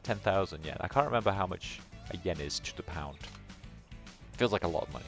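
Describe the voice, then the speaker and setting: A man's voice: low voice, animated, a little fast, faint music behind. A man streaming a game, making casual, musing commentary with mumbled asides.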